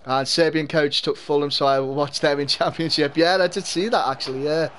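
A young man with a mild Liverpool accent and a slightly high voice talks casually to his viewers while playing. He laughs a lot and cheers on his team. A faint hiss sits under the recording. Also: fairly even intonation, a little fast, a bit bright. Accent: Liverpool Scouse, mild. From Liverpool, England. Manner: chatty, laughs often, cheers at the game. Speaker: gaming streamer. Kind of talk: live gameplay commentary and chat with viewers.

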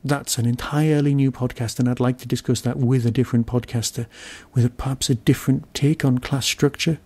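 Wry British podcast reviewer musing aloud. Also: male voice, medium pitch, fairly even intonation, brisk, a little mellow. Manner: wry, musing, self-deprecating grumbling. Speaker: podcast host reviewing an episode. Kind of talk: solo review monologue.

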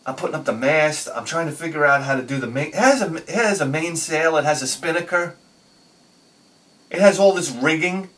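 Excitable male vlogger telling a story, bursts loud then drops quiet, slightly raised pitch, miked from a distance. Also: a little fast. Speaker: video host. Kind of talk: animated personal storytelling.

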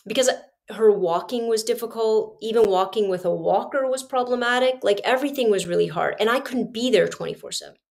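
A middle-aged woman hosts a podcast, earnestly confiding a personal story directly to her listeners. Her fairly high, gravelly voice is a little mellow, and she talks a little fast with few pauses.

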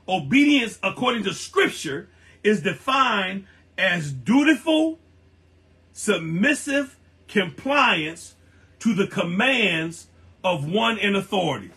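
A man preaching a sermon, stressing key phrases and repeating them slowly. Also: sits high, very animated, pushed and bright, rough recording.

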